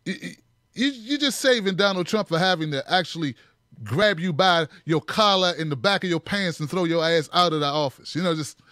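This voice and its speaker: A man's voice: sits high, lively intonation, brisk, pushed and bright, no room sound, studio quality. A man hosting a political commentary show, talking in a punchy, sarcastic way with mocking asides.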